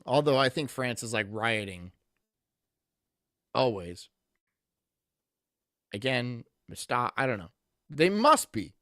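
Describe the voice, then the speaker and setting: A man's voice: mid-range voice, big pitch swings, slow, long pauses, a bit bright, no room sound, clean studio sound. A man streaming casually, reading chat aloud and rambling through jokey asides.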